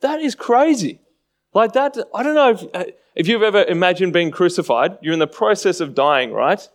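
A man's voice: high voice, animated, normal speed. A man preaching a sermon in a conversational way, often acting out mocking voices.

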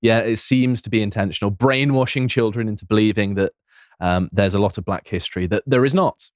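A man's voice: lowish voice, fairly quick, no room sound. A man co-hosting a podcast, talking in a dry, sarcastic, casual way. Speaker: podcast co-host.

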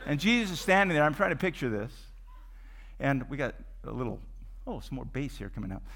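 A man preaching a sermon, retelling a Bible story with lively, animated storytelling and acted-out scenes. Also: medium pitch, fairly quick. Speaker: pastor.

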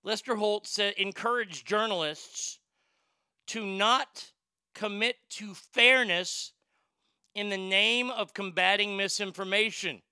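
Casual opinionated chat from a blunt, foul-mouthed podcast host who rambles and keeps restarting sentences, speaking slowly. His voice is high for a man, gravelly and fried, very bright and forceful. The close, dry recording carries no room sound.

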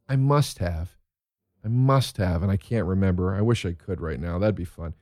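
A man who is a comedian telling stories in a casual monologue, excitable and profane, laughing as he talks. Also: lowish voice, a little fast, no room sound, studio quality. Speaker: stand-up comedian.

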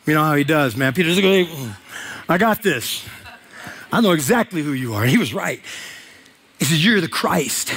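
A man's voice: high-pitched, a bit bright. A man preaching a sermon as pastor, retelling scripture in casual slang with voiced asides.

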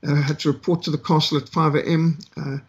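A middle-aged South African man telling a story from his past, unhurried and pausing often with "uh". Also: a little high, flat delivery, breathy edge, dull audio. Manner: unhurried with frequent "uh" pauses. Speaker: ministry speaker. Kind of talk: storytelling testimony.

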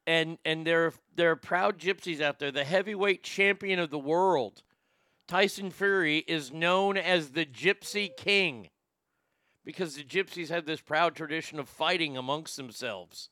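Man, podcast co-host, crude rambling commentary, bright tense tone, dry close sound. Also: on the high side, a little slow, no room sound. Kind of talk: casual news chat.

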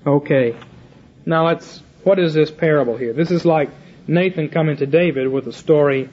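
With a slightly high, slightly mellow voice and a moderate pace, an older man teaches from the Bible. He puts the scripture into casual paraphrase and dramatizes the dialogue on his own, heard through a muffled, lo-fi recording.

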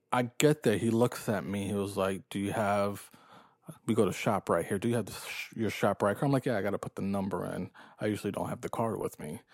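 Guy ranting on his podcast, lowish voice, swears a lot, dry close mic. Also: no echo. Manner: profane, animated retelling with quoted inner thoughts. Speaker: podcast host. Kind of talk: casual storytelling monologue.

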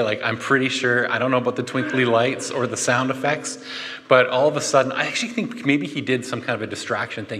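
A man preaching a conversational sermon, animated and chatty, with joking asides. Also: mid-range voice. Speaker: pastor. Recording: long hall reverb.

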